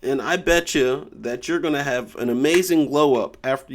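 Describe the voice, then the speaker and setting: A man's voice: medium pitch, normal speed, few pauses. A man giving a casual tarot reading, joking around and stumbling as he reads passages aloud. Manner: rambling, joking, stumbles over read-aloud text. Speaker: tarot reader.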